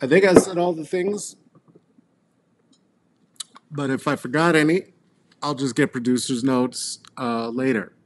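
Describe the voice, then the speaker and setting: A man's voice: mid-range voice, steady tone, measured pace, long pauses, a little hiss or hum. A middle-aged man hosting a rambling solo comedy monologue, crude and sarcastic, full of fillers and trailing asides. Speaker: comedy show host. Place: Colorado.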